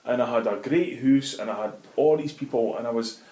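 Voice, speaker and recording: A middle-aged Scottish man, a guest in an interview, telling animated anecdotes in casual talk and swearing freely. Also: mid-range voice, brisk. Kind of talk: casual storytelling. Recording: roomy echo.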